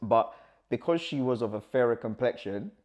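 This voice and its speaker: A young man telling a personal story as a guest, animated and acting out the dialogue, with nervous laughs. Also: mid-range voice, normal speed.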